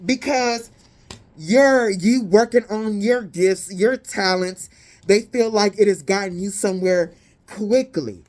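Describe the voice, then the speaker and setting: A woman giving a casual tarot reading, blunt, profane and sassy, with animated indignant peaks. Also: mid-range voice, slow. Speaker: tarot reader.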